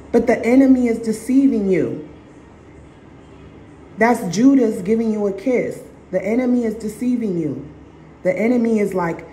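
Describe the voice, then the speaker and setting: A woman's voice: mid-range voice, normal speed, mellow, a little hiss or hum. Blunt woman vlogger in an echoey room. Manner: blunt, repetitive, with casual swearing. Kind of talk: emphatic advice talk.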